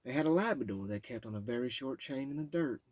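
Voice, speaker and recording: A man's voice: medium pitch, animated, fast talker, darkish tone, no echo. A man reading his own memoir aloud, raw and profane, stumbling and stopping when memories overwhelm him.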